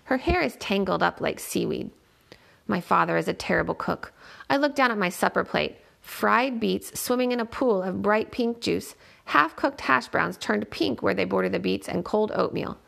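A woman narrating a first-person audiobook in a measured, plain storytelling manner. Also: mid-range voice, expressive, vocal fry, fairly bright tone.

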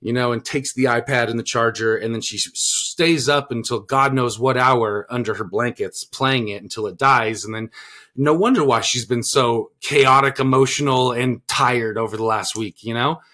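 A man's voice: medium pitch, moderate pace, pushed and bright. A man co-hosting a podcast, talking earnestly about parenting in a rambling way, restarting his sentences and leaning on filler words. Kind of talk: casual podcast chat.

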